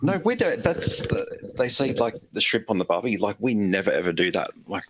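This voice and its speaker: A man's voice: on the low side, big pitch swings, moderate pace, noisy background. A man in a casual online chat, rambling with many fillers.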